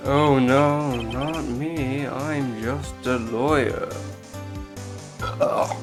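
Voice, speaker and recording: A woman's voice: extremely low pitch, fairly even intonation, extremely slow. A woman streamer giving casual, sarcastic and profane commentary while playing a game. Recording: game music behind the voice.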